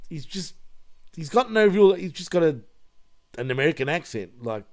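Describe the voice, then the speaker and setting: A man's voice: a little high, sing-song, moderate pace. A man, co-hosting a podcast in casual wrestling chat, laughing often and saying bro and dude. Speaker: podcast co-host.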